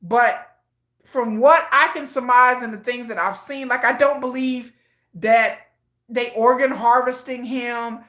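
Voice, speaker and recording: A woman's voice: a little high, fairly even intonation, unhurried, a bit bright, reverberant. A woman giving casual, emotional commentary, often repeating herself. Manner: emotional, repetitive, restarts often. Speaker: commentary vlogger.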